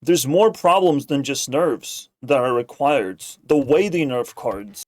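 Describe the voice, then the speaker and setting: A man's voice: mid-range voice, animated, slow pace. A man ranting sarcastically as a streamer, swearing constantly and rambling. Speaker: streamer reacting to a video. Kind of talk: casual profane rant.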